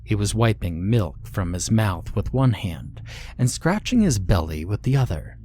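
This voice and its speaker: A man narrates a horror story in a deliberate, measured way. His voice sits low, and he takes his time over every line. A faint hiss runs underneath the recording. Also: big pitch swings, mellow.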